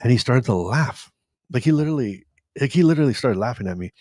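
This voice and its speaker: A man in his forties from Canada, hosting a live stream and candidly retelling his own story in a rambling, animated way. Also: mid-range voice, quick pace, dry recording, studio quality. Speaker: host.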